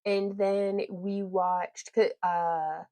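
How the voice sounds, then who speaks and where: A woman chats her way through a crafting livestream, rambling and laughing often as she reads out viewer comments. Her voice sits a little low, and the sound is dry and close. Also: level tone, extremely slow, dark tone, no room sound. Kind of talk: casual livestream chat while crafting.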